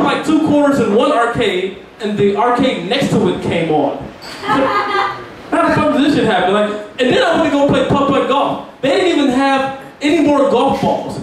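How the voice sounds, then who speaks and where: High-voiced profane man, far off in an echoey pub crowd. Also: a little hiss or hum. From Virginia, US. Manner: brash, profane, laughs at his own jokes. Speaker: stand-up comedian. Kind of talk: open mic stand-up comedy. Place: small pub with a live crowd.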